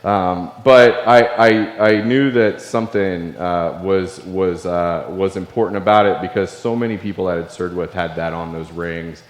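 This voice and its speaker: A middle-aged Illinois man who served in the Navy tells a personal story in a keynote speech, earnest and confessional. He speaks low and unhurried, with few pauses. Long reverb fills the recording from the large, echoey hall.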